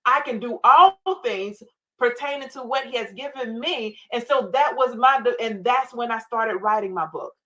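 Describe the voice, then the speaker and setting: A woman speaking as a guest on a faith talk show, telling her story with emphatic, animated retellings. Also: fairly high pitch, moderate pace, rough recording. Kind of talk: faith-based interview storytelling.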